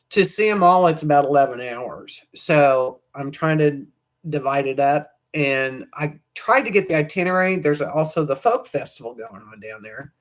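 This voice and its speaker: A woman hosts a casual livestream, chatting to viewers in a loose, rambling way. Her voice sounds hoarse, and her sentences often trail off and restart. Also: low voice. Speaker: livestream host.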